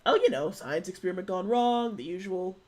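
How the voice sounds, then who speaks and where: A woman's voice: on the low side, animated, brisk, noisy background, lightly acted. A woman reading aloud as a confident, muscular woman superhero from a dating game, blunt and teasing. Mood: cocky. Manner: brash, teasing, easygoing.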